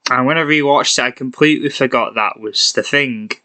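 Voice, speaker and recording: A young man with a mid-pitched, bright and forceful voice, co-hosting a casual podcast. He is chatty and self-deprecating, laughs often and restarts his sentences. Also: brisk. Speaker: podcast co-host.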